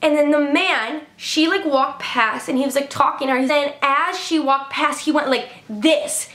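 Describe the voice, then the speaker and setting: A woman's voice: high voice, moderate pace, a bit bright, reverberant. A young woman from Illinois telling casual storytime tales, full of "like" and swearing. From Illinois, USA. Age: young adult. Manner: chatty, swears a lot, heavy filler "like". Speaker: vlogger.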